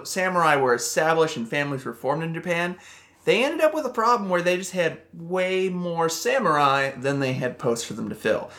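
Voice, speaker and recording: A man's voice: a little high, a bit bright. A man co-hosting a casual podcast, laying out a historical story at length with fillers and easy laughs. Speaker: podcast co-host presenting the episode's topic.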